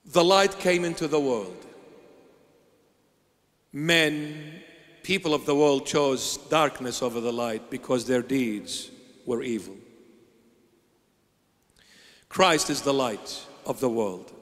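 A male bishop preaching a sermon, asking rhetorical questions and answering them himself in a slow, emphatic delivery. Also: mid-range voice, a bit bright, long reverb tail.

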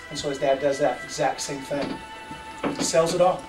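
High-voiced playful man telling a kids' lesson. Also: normal speed, over music. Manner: lively, playful, chatty, asks the audience questions. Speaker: children's church teacher. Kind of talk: animated storytelling lesson with volunteers. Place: large room with kids, music playing. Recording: echoey room, voice from far off.

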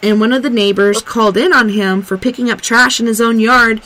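Higher-voiced woman talk radio host. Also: brisk, bright, forceful tone, low-quality recording. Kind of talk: casual chat on a talk radio show.

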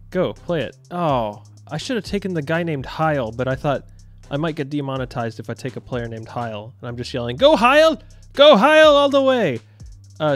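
Young male gaming creator, fairly high voice, loose and jokey play-by-play, erupts at goals. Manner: excitable, jokey, yells at big moments. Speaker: gaming YouTuber. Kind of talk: live gameplay commentary.

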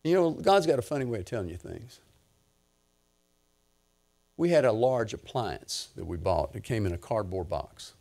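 An older man, preaching a sermon through a lively personal story, swinging from low murmurs to loud excited bursts. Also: normal speed, vocal fry, pauses often. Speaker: pastor.

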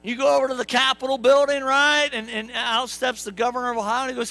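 A man's voice: extremely high pitch, steady tone, fast talker, vocal fry, few pauses, sharp tone, poor audio. A male pastor preaching a sermon in a church, conversational and joking, talking to the congregation and acting out quotes in playful voices. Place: church sanctuary.

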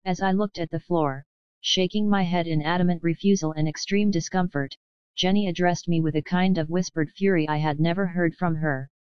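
A woman narrating a novel in the first person, in a measured storytelling manner. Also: lowish voice, steady tone, darkish tone, clean tone, no room sound, lo-fi sound. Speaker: audiobook narrator. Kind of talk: scripted audiobook narration.

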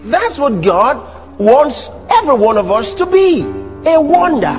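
A man preaching a sermon to a church congregation, animated, teasing the audience with rhetorical questions and mimicry. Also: very high-pitched, unhurried, in a large hall, soft background music. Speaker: pastor.

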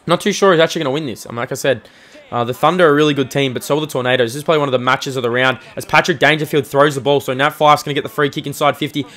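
A young man giving energetic play-by-play commentary on a video game match, his voice jumping up on the big plays. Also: medium pitch, rapid-fire. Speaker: host and commentator.

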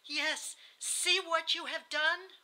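A woman voicing a bitter, feverish dying wife who speaks haltingly and cries out in anguish. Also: extremely high pitch, fairly even intonation, sharp tone, pitched above the performer's own voice, heavily acted, poor audio.

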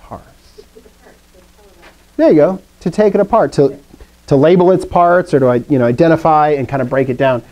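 A man's voice: on the high side, moderate pace, pauses often, a little mellow. A man teaching a classroom lesson, first reciting drills, then explaining with fillers and questions to the students.

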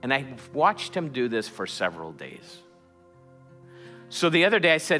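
A man's voice: medium pitch, very animated, normal speed, pauses often, pushed and bright, faint music behind. A middle-aged man preaching a sermon in a church, telling a story with stammered restarts before building to fervent calls. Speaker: pastor. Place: church sanctuary.

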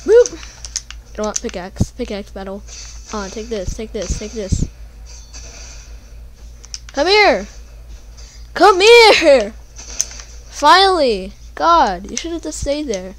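A young woman giving casual gameplay commentary, panicking and pleading, then yelling at the game. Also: medium pitch, lively intonation, moderate pace, a little hiss or hum. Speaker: gamer.

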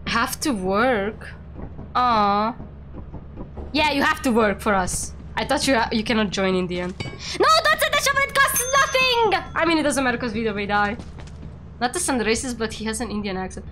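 A young woman hosting a casual game stream, playful and teasing, quick to exclaim. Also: fairly high pitch, fairly bright tone, slight background noise. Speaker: streamer and VTuber host.

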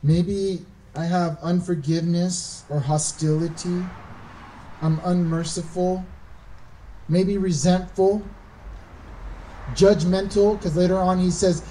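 A man's voice: high-pitched, moderate pace, dark tone. A man pastor giving a conversational sermon in a church, acting out the lines of the Bible characters as he goes. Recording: distant mic with faint background noise.

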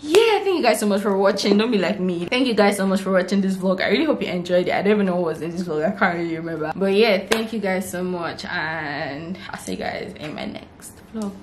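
A woman's voice: mid-range voice, animated, fast, few pauses. A young woman in her twenties with a Nigerian accent, vlogging and telling a story casually, acting out what people said. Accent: Nigerian English. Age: 20s. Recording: roomy echo, faint background hiss.

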